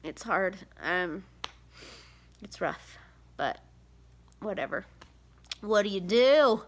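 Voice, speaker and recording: Speaking slowly with long pauses, a mid-range-voiced mother of seven in her thirties addresses the camera in a rambling, tearful confessional. She's tired and close to tears, her words full of fillers and sighs.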